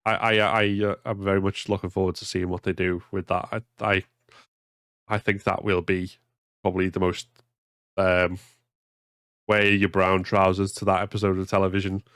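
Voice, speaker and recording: A man's voice: low voice, level tone, moderate pace, long pauses, fairly bright tone, smooth, no room sound, clean studio sound. A man hosting a casual podcast, often stumbling and repeating words as he starts a thought. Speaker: podcast host.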